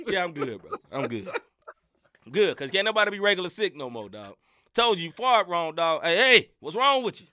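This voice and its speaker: Slightly under the weather with a sinus infection, a male sports podcast co-host chats casually, ranting in slang with lots of animated laughter. He speaks at a normal speed in a high-pitched voice, and the studio sound is clean with no echo.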